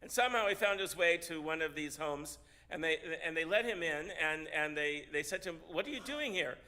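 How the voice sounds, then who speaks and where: Bright-voiced man telling a story. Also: on the high side. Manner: halting, repeats words often, animated. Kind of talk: storytelling sermon. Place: synagogue service.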